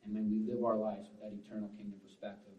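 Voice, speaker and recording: A man preaching a sermon as pastor, swinging between forceful, loud lines and hushed, quiet ones. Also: on the low side, little pitch movement, fast. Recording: roomy, distant, dull sound.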